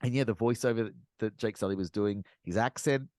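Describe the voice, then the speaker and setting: Aussie man co-host, low-ish, dry booth sound, sarcastic ranter. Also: a little fast, dry recording. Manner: animated, sarcastic ranting with profanity. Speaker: podcast co-host. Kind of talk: casual podcast chat.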